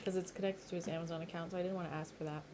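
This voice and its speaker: A woman co-hosting a casual podcast chat, animated and giggly, talking in quick bursts. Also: fairly low pitch, slight background noise. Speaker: podcast co-host.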